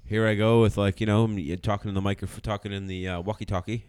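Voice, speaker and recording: A man's voice: fairly low pitch, level tone, quick pace, darkish tone, smooth, no room sound, clean studio sound. A man co-hosting a podcast, telling a rambling, profane story in casual chat and laughing along the way. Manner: profane, rambling, laughs through his stories. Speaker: podcast co-host.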